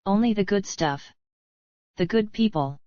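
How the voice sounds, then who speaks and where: A woman voicing a young cyborg girl who pleads with her captor, read slowly from a screenplay. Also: mid-range voice, expressive, mellow, no echo, close to an everyday voice. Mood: pleading. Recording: dull lo-fi dry recording.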